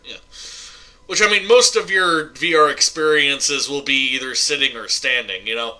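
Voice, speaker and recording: A man's voice: medium pitch, normal speed, bright, forceful tone, low-quality recording. A male host chatting casually on a podcast, talking loosely with lots of fillers and laughing often. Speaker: show host.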